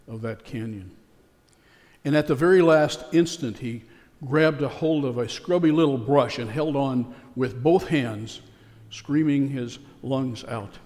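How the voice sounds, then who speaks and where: A man's voice: mid-range voice, a little mellow. A man preaching a sermon as pastor. He speaks in a folksy, conversational way with a few fillers. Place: church. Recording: long church reverb.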